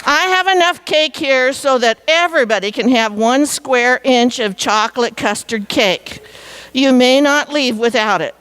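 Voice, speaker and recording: Woman speaker, high voice, chatty and playful with the crowd. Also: unhurried, a bit bright, smooth. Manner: playful, chatty, coaxes the audience to join in. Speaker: featured speaker. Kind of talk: interactive audience talk. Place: meeting hall before a live audience.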